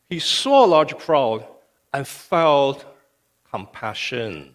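In a church sanctuary, a male pastor with a medium-pitched, slightly bright voice preaches a sermon with emphasis. He often checks in with "okay," and the church hall adds long reverb.

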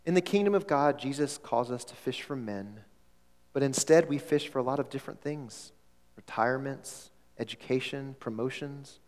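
Pastor preaching in an echoing hall. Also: male voice, mid-range voice, normal speed, darkish tone. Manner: conversational, with frequent repeated words and audience questions. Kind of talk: sermon storytelling. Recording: long hall reverb.

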